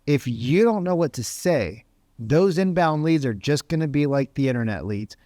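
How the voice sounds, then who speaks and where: A man's voice: a little high, lively intonation, normal speed, mellow, no room sound, studio quality. A man giving a motivational talk as a sales coach, emphatic and full of rhetorical questions. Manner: emphatic, asks rhetorical questions, says "right?" often.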